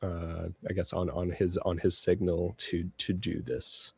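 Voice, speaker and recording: A man playing a tabletop game, talking through his moves in a deliberate, rules-focused way. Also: low-pitched, little pitch movement, creaky, husky. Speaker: player.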